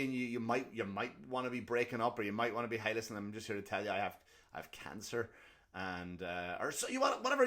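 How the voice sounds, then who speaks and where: A young man hosting a comedy podcast, ranting in a rambling, profane, animated way, full of restarts and put-on quotes. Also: mid-range voice.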